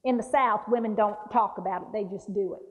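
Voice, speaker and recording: A woman dementia care trainer giving a lively talk, acting out patient voices. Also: mid-range voice, a little fast, a little hiss or hum. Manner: animated, acts out patient voices. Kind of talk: lively training talk with role-play demonstrations. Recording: dull roomy hall recording.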